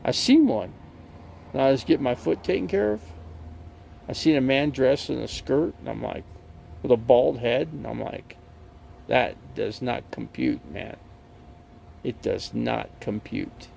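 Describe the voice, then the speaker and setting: Male live streamer, heavy gravel, lively up-and-down delivery, rambling casual storyteller. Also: medium pitch, normal speed, slight background noise. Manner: rambling storyteller, many fillers and restarts.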